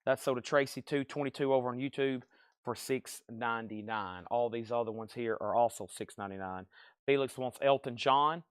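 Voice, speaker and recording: Brisk, upbeat man selling records live. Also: medium pitch, dry recording. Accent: regional accent he mentions himself. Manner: brisk, upbeat patter, rattling off titles and prices. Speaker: live-stream vinyl record seller. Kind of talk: live sales stream, reading out items and buyers.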